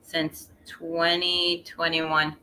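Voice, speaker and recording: Woman, bright and slightly low voice, casual stream co-host, wry dry remarks. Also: flat delivery, extremely slow. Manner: dry wry asides, wordplay. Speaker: wrestling review show co-host. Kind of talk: casual live-stream chat.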